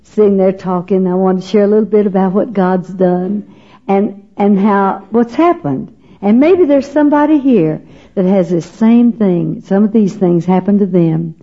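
Woman, middle-aged, funny animated storyteller on a lo-fi tape. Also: mid-range voice, moderate pace. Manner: animated, laughing, acts out voices. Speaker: speaker at a women's gathering. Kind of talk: humorous storytelling talk to an audience. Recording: dull lo-fi recording.

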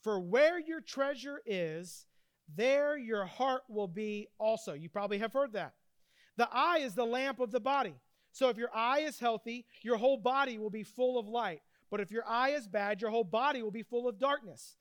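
Guy preaching, high smooth voice, gets worked up telling stories then reads scripture slow, dry close sound. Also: no echo. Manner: animated storytelling preacher, reads scripture slowly. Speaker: pastor. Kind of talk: sermon.

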